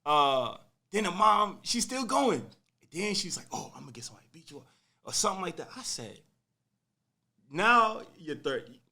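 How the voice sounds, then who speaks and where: A young man casually telling a personal story on a podcast, animated and full of slang, acting out what people said. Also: high voice, brisk. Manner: animated, slangy, acts out quotes.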